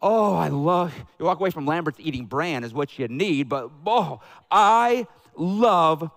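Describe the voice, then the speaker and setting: A man with a Southern American accent preaching a sermon to his church, telling jokey stories with bursts of excitement. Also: fairly high pitch, moderate pace, gravelly. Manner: jokey, animated storytelling with bursts of loud excitement. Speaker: pastor. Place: church sanctuary with a congregation.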